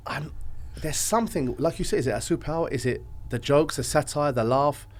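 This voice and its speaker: A man chatting casually as a podcast guest, telling stories in a rambling, animated way, his voice swinging from loud to quiet. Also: on the high side, a little fast. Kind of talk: casual chat.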